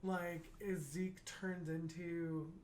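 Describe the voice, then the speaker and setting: A man hosting an anime reaction video, chatting casually and excitedly with many fillers. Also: on the high side, drawn-out words, a little hiss or hum.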